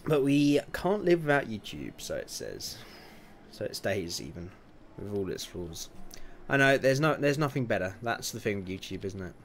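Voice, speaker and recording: This young man in his twenties is a livestream gamer giving casual commentary, chatty and muttering to himself while adjusting settings, with chuckling asides. His voice is lowish and a bit bright, with big pitch swings and normal speed, over a little hiss or hum.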